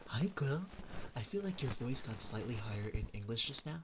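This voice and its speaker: A young man from the Philippines talks casually to his stream chat, musing aloud and circling back with plenty of fillers. His voice sits at a middling pitch. Clear background noise runs under the home stream recording. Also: expressive, a little fast. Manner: chatty, thinks aloud with many fillers.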